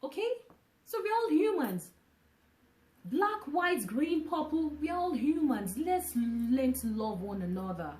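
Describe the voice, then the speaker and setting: A woman vlogging casually to camera, from Nigeria, who talks in an animated way, repeating phrases and restarting often. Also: sits high, slow, reverberant.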